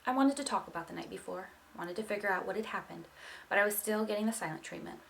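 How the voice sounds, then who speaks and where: A woman's voice: mid-range voice, fast talker, creaky, fairly bright tone, a little hiss or hum. A woman reading a novel aloud, narrating expressively in the first person. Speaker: audiobook reader. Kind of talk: storybook reading.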